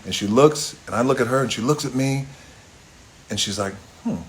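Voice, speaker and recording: A man's voice: medium pitch, brisk. A man hosting a phone live stream, telling a casual, profane story with chuckles along the way. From Hawaii. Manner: loose, profane, chuckling anecdotal delivery.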